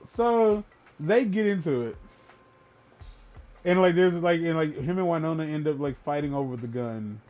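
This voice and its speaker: A man co-hosting a gaming podcast, casually and profanely retelling a film, with bursts of loud emphasis. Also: on the high side, moderate pace, pauses often.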